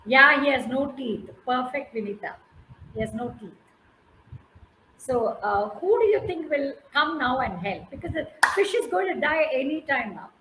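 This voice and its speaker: A woman's voice: sits high, lively intonation, normal speed, roomy sound, background noise. A woman with an Indian English accent telling a story to a class, coaxing answers and praising listeners by name. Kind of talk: interactive storytelling with questions to listeners.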